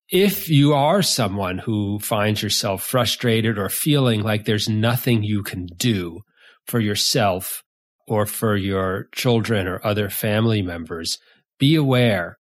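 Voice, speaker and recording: Male podcast host, low voice, unhurried and earnest solo intro. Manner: measured, earnest, explanatory.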